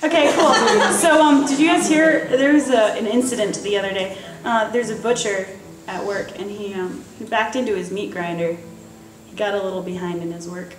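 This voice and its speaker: A woman's voice: medium pitch, normal speed. A young woman in her twenties chatting between songs at her recital, rambling and laughing at herself. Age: 20s. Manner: giggly, rambling, self-deprecating. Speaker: student performer introducing songs. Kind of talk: casual stage banter. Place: recital hall on stage. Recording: roomy live recital from far off.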